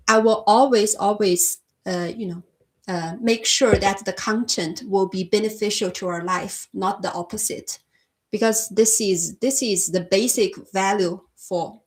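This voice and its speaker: A woman from China with a Chinese accent, hosting a casual livestream chat and answering viewers' comments in a soft-spoken way, often calling them her friend. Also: mid-range voice. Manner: soft-spoken, frequent restarts and laughs, addresses viewers as my friend. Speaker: livestream host.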